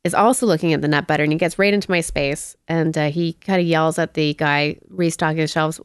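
Low, gravelly woman telling stories. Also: quick pace, hardly any pauses, dry recording, clean studio sound. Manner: storytelling, animated quoted voices, swears casually. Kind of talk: casual chat.

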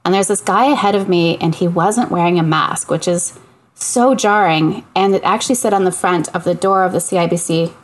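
A woman from Canada telling a funny story in casual chat, animated, acting out the people she quotes and laughing often. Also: lowish voice, fairly quick. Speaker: podcast co-host.

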